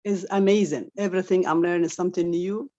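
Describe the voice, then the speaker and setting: A woman panelist giving an excited, repetitive testimonial on an online call. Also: lowish voice, brisk, muffled recording. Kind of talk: enthusiastic testimonial.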